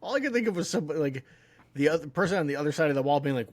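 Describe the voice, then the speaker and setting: A man's voice: a little high, lively intonation, racing. A man co-hosting a podcast, chatting casually about comics with wry, jokey asides. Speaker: podcast co-host. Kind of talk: casual comic-book discussion.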